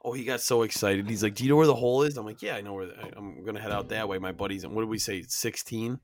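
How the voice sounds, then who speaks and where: A man co-hosting a casual chat, animated and playful as he tells his side of a story. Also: lowish voice, fast. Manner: animated, playful, breaks into joking sing-song bits. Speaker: podcast co-host.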